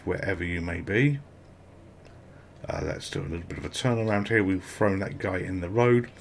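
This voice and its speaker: A British man giving casual, rambling commentary while playing a video game, with frequent excited exclamations. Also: lowish voice, slight background noise. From Britain. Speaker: gameplay commentator.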